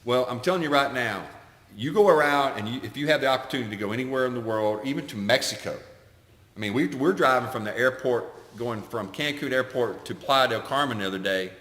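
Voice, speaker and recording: A man's voice: mid-range voice, fairly quick, fairly bright tone. A man co-hosting a podcast, a coach talking in casual, opinionated chat. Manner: opinionated, preachy. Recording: echoey room with long reverb.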